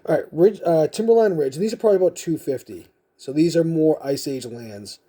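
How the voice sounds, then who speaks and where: A man's voice: on the high side, expressive, a little fast, warm tone. A man vlogging casually as he sorts through collectible cards, thinking aloud in a rambling, self-mocking way. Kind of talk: casual unscripted commentary.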